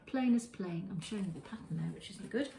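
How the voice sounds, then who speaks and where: Her voice is mid-range, expressive, gravelly and mellow, running a little fast. She chats casually on her knitting podcast from the kitchen, showing things off while often restarting and correcting herself. The rough recording has an echoey room sound.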